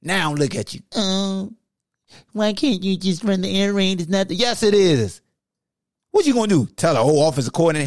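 A man in his forties hosting a sports podcast, ranting loudly in slangy talk and arguing back and forth with himself. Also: fairly high pitch, animated, moderate pace, no room sound, studio quality. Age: 40s. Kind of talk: heated sports rant in an alter-ego persona.

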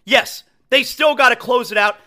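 A man hosting a sports talk podcast, his voice very high and bright. He talks with raw emotion and keeps stumbling over repeated words. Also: normal speed. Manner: emotional, stammering restarts. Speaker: podcast host. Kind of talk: excited solo sports talk.

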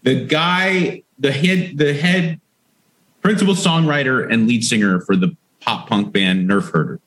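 A man's voice: mid-range voice, a little slow, a bit bright. A man co-hosting a casual chat, goofy, playful and jokey. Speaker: podcast co-host.

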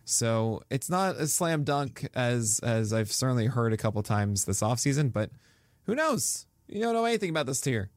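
A man's voice: mid-range voice, sing-song, dry recording. A man co-hosting a casual baseball podcast, rattling off stats and cracking jokes. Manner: stat-heavy, jokey, quick to laugh. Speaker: podcast co-host, pitcher analyst. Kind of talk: casual fantasy baseball chat.

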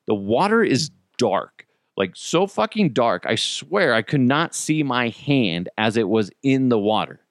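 A man, the host of a podcast, telling a story in a casual, animated way, swearing freely and laughing as he goes. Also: mid-range voice, no echo, clean studio sound. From United States.

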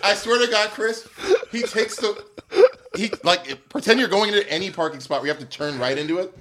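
Bright animated storytelling man. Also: sits high, a little fast, slight background noise. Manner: animated, laughing, acts out quotes. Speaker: storyteller in group chat. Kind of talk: casual chat.

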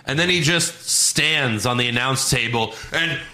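A man's voice: medium pitch, a little slow, bright, forceful tone, poor audio. A man hosting a podcast, recapping wrestling in casual, sarcastic chat and acting out quotes. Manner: sarcastic, acts out quotes in exaggerated voices.

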